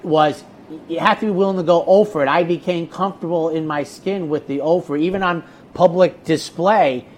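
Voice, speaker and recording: Animated higher-voiced man talking horse racing. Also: normal speed, slight background noise. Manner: animated storyteller, repeats words when starting. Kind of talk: casual racing talk show chat.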